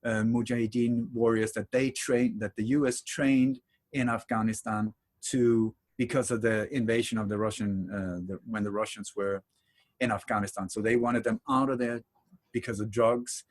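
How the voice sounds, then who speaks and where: A man speaking as a podcast guest in a conversational interview, telling stories in a rambling, animated way with emphatic repetitions. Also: mid-range voice, normal speed.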